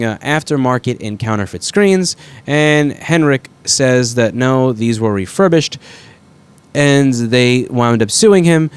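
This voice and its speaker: Feverish man ranting frankly to camera. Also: medium pitch. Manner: blunt, frank and self-correcting, with occasional swearing. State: sick with a fever. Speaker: repair shop owner and video host. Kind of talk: casual rambling commentary to camera.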